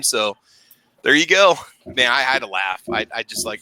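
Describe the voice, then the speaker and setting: A man's voice: medium pitch, expressive, normal speed, bright, forceful tone, smooth. A man on a remote call in a casual podcast chat, retelling a news story and acting out the quotes. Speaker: co-host.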